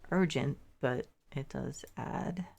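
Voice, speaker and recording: A woman streamer with a low, gravelly voice chats casually with her viewers as she plays. She thinks aloud and drops mildly exasperated asides. She sounds a little sleepy. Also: takes it slowly, darkish tone. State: sleepy, yawning. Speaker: game streamer. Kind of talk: casual gameplay commentary.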